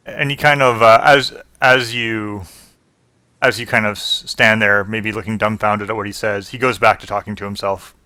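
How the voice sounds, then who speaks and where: A man runs a tabletop session as game master, his voice bright and edgy. The recording is dry and close. He halts often, circling back with fillers as he describes the scene. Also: lowish voice, level tone, moderate pace, clean tone, no echo. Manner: hesitant, with many fillers and restarts.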